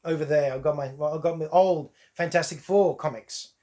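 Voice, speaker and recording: A man's voice: on the high side, brisk, warm tone. A man reviewing a movie in a casual, wry way, piling on exaggerated put-downs and laughing at them.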